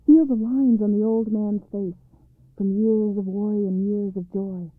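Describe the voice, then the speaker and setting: A kindly old wood carver, as a woman storyteller puts him on, speaking softly and patiently. the sound is thin and phone-like, and the room is dead dry. it is a soft, patient old man's voice from a storybook. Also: mid-range voice, fairly even intonation, unhurried, no echo, close to an everyday voice. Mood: gentle. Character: gentle old man, a wandering wood carver.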